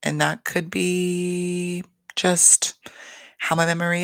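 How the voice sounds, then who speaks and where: A casual podcast host recaps a reality show in a loose, rambling, profane way. The voice is gravelly with lots of vocal fry, at an ordinary pitch. It is recorded close and dry on a home mic. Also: little pitch movement, slow, fairly bright tone, dry recording. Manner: gushing and profane, chatty and rambling.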